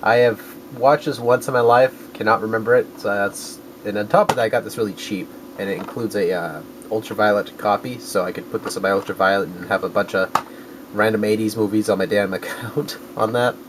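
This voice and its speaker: A man's voice: lowish voice, steady tone, a little fast, noisy background. A man rambling casually in a vlog about his collecting finds, correcting himself often and dropping crude jokes. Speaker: video game collector vlogger.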